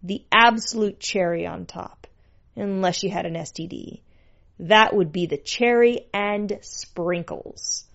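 A woman's voice: medium pitch, slow, vocal fry, a bit bright, lo-fi sound. A woman narrating a story in a dry, sardonic manner.

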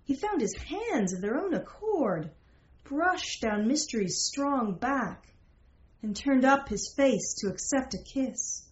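A woman reading a fantasy romance aloud as a narrator, in a slow, measured way. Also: high voice, big pitch swings. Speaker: story narrator. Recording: roomy, slightly dull recording.

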